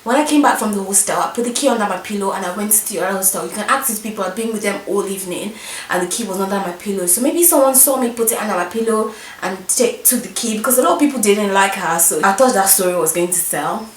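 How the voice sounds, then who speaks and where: A young woman telling a mischievous story from her school days in an animated, emphatic way. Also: mid-range voice, quick pace, slight background noise. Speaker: vlogger. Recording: roomy echo, distant mic.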